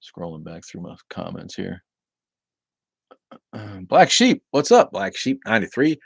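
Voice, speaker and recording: A man's voice: low voice, very animated, a little slow, gravelly, breathy edge, no echo. A middle-aged man hosting a livestream, chatting casually with viewers and rambling profanely between their comments. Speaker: livestream host reading viewer chat.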